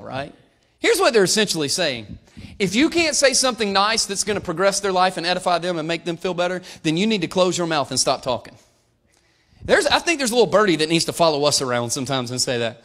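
Male pastor, high voice, emphatic sermon delivery that builds to fervor, talks straight to the congregation. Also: very animated, fast, a bit bright. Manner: emphatic, rising to fervent preaching, addresses congregation.

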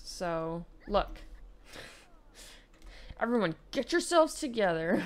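A young woman giving casual let's play commentary, playfully bossing around the characters in her game. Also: mid-range voice. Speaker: gaming YouTuber.

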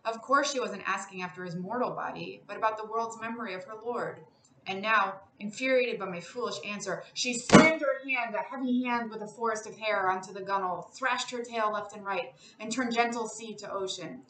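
A woman's voice: mid-range voice, far from the mic. Woman reading a story aloud. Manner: measured, expressive storytelling. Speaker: classics professor reading aloud. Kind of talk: literary reading. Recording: roomy, a bit off-mic, faint noise.

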